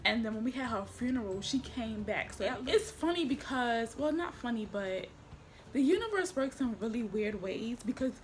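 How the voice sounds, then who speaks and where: A young woman vlogs at home in a casual chat, chatty and slangy, turning emotional and at times quietly tearful. Her voice is on the high side and expressive, at a moderate pace.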